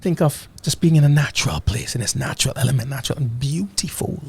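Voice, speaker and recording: A man's voice: medium pitch, quick pace, gravelly, a little mellow, slightly rough. A Jamaican man from Ocho Rios chatting casually about a trip, slipping into patois and repeating "you know what I mean". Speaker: vlogger. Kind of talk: casual travel chat.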